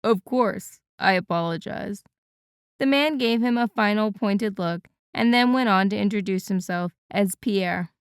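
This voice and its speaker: A woman reads an audiobook in an even, measured voice. Her tone is smooth and resonant, and the close recording is dry, with no room sound. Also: medium pitch, dry recording. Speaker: audiobook narrator. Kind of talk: scripted narration.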